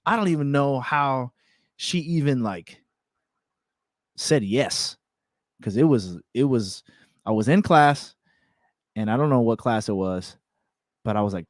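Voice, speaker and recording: A young man hosting a self-improvement show, telling a personal story in a candid, repetitive, animated way. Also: mid-range voice, unhurried, pauses often, no room sound, clean studio sound. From California. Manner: candid, repeats words, animated retelling with laughs. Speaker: self-improvement podcast host.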